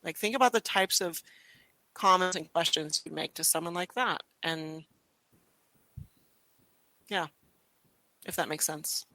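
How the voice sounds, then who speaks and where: A young adult woman chatting as a podcast guest and telling stories in a lively way, with lots of restarts and "you know.". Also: lowish voice, measured pace, pauses often, dry recording, poor audio. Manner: animated storyteller, frequent restarts and "you know". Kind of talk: casual conversation.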